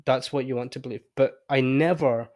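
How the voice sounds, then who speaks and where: A man's voice: mid-range voice, fairly quick. A man hosting a podcast, talking candidly and reflectively in casual conversation. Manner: candid, reflective, animated when telling stories. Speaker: podcast host.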